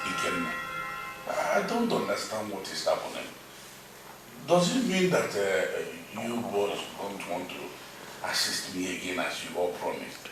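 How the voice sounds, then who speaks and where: A man with a Nigerian accent playing a broke father who begs for help, halting and repeating his words. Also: deep voice, big pitch swings, recorded from a distance, music in the background. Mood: pleading. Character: desperate broke middle-aged father, pleading. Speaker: struggling father begging for help. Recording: echoey room, voice from afar, faint noise.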